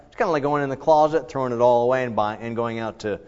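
A man's voice: medium pitch, fast, clear, resonant tone. A man preaching a conversational sermon, asking his listeners questions and adding his own asides. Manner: conversational, animated, asks the congregation questions. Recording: slightly dull lo-fi recording.

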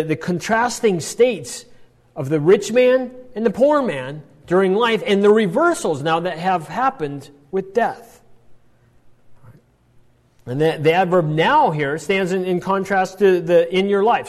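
A man's voice: high-pitched, big-room sound. A man teaching a Bible passage, explaining step by step and checking in often with "all right" and "right?".

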